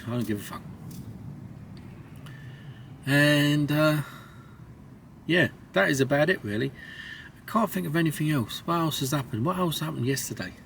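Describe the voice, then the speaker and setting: A man's voice: on the high side, vocal fry, fairly bright tone, a little hiss or hum. A man, a lorry driver, chatting casually to his camera from inside his truck cab, rambling along with a lot of swearing and self-mockery. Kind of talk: casual vlog chat to camera.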